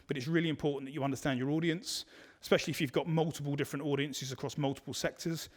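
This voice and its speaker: A man's voice: fairly high pitch, steady tone, racing. A man presenting a digital marketing webinar in a conversational way, full of fillers and restarts. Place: online webinar.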